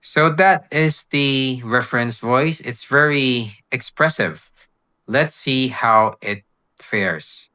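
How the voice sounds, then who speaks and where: Bright-voiced man explaining software. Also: medium pitch, slow. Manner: relaxed, step-by-step explaining. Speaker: tech tutorial host. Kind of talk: screen-recorded software walkthrough.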